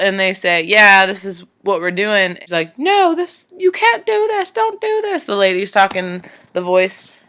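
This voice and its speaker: A woman gushing through a movie recap in loose, rambling talk, filled with "like" and "um". Her voice is bright and forward, and it leaps up sharply whenever the story gets to her. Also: clean tone. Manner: rambling, animated, many fillers, voice jumps high when emotional. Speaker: vlogger retelling a movie. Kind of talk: casual excited movie recap.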